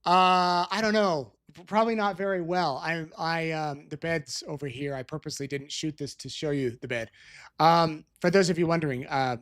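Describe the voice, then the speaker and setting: A man's voice: fairly high pitch, steady tone, normal speed, a bit bright. Rambling, chatty middle-aged man hosting. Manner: rambling and chatty, with restarts and tangents. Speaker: show host. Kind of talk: casual live-stream chat. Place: Utah.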